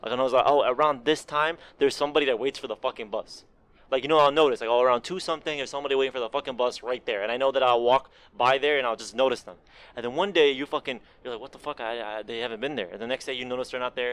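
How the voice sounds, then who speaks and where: A man's voice: mid-range voice, a bit bright. A man co-hosting a casual podcast, rambling and swearing, laughing often. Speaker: podcast co-host.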